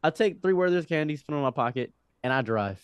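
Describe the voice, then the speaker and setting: A young man in his twenties tells a long story as a podcast guest. His pitch swings up and down as he acts out the people in it, and he often restarts mid-sentence. The sound is dry and close. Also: quick pace, smooth, dry recording, muffled recording. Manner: animated, with frequent restarts and acted-out quotes. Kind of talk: storytelling in casual conversation.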